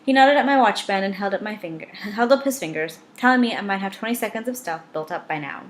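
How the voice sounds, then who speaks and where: A woman's voice: mid-range voice, fast. Woman reading a wry first-person novel. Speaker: audiobook reader.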